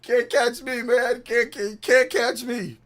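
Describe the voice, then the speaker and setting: A man hosting a gaming livestream in casual chat, telling stories with lots of laughter and loud acted-out quotes. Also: extremely high pitch, slow. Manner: animated storytelling, laughs often, acts out quotes loudly.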